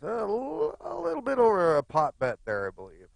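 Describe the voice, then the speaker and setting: A man's voice: sits high, huge pitch swings, moderate pace, creaky, dry recording. A man giving live, chatty play-by-play commentary on a poker game, with joking asides.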